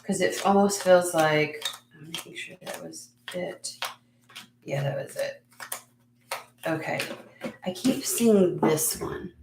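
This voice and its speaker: A woman's voice: lowish voice, fairly even intonation, slow, gravelly, pauses often. Chatty, frank woman reading tarot, echoey room. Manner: chatty, frank, swears casually, laughs at herself. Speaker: tarot reader and channel host. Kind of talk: casual tarot reading vlog. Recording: echoey room with faint noise.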